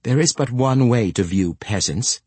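A man's voice: on the low side, animated, moderate pace, breathy edge, dry recording. A man voicing a haughty, snobbish noblewoman who speaks with scorn. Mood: scornful. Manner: scornful, sneering.

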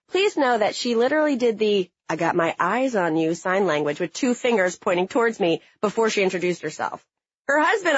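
A young adult woman telling a funny personal story in a sarcastic, blunt and animated way. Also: fairly high pitch, husky, no room sound, muffled recording. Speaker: narrator.

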